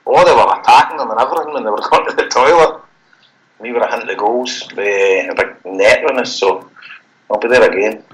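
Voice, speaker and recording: A man's voice: medium pitch, low-quality recording. A Scottish man co-hosting a podcast, chatting loosely and rambling about football. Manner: rambling, sweary, quick to laugh. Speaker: podcast co-host. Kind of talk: casual football chat.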